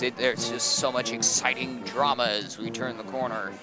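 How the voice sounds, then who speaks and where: A young man calling high school football play-by-play from an outdoor press booth, excitable on big plays. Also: moderate pace, hardly any pauses. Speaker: play-by-play announcer. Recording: outdoor stadium with band music behind. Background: marching band music.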